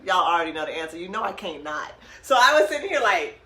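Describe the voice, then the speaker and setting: Lively, bright-voiced woman telling a story. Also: fairly low pitch, fast, reverberant. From Oregon, USA. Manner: animated, laughing, acts out both sides of the talk. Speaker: podcast co-host. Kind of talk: casual storytelling to listeners.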